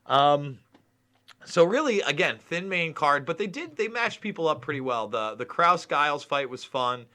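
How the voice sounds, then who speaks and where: A man hosting a casual podcast, his voice bright and tense, rising and falling with lively swings. He talks in an animated way, swears freely and often breaks into laughter. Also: fairly high pitch, moderate pace. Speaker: podcast host. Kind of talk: casual sports chat.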